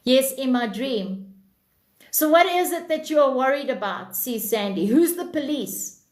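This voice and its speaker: A woman's voice: high-pitched, lively intonation, unhurried, reverberant. A woman hosting a self-help livestream, reading out viewers' comments and preaching bluntly, with plenty of swearing.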